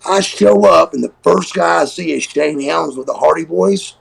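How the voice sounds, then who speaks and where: A middle-aged man with a deeply gravelly, husky voice tells a profane story in a casual chat. He is animated and throws himself into the quoted lines. His voice sits a little high for a man. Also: moderate pace, low-quality recording. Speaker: guest, former pro wrestler. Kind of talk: casual storytelling on a live stream.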